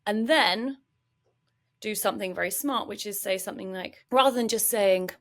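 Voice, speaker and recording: A woman psychologist, a podcast guest, explaining ideas in animated conversation and acting out examples. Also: mid-range voice, normal speed. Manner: animated, acts out quoted speech.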